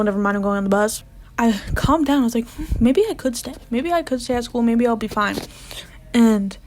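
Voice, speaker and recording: A young woman vlogger telling a personal storytime in a casual, chatty way, full of "like" fillers, sometimes dropping to a whisper. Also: mid-range voice. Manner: chatty, lots of "like" fillers, drops to whispers when reliving panic.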